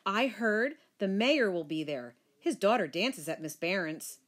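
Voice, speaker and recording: A woman's voice: medium pitch, very animated, unhurried. A woman doing a defiant little ballerina. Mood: excited. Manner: squealing, defiant. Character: spirited young girl, ballet dancer, defiant sister.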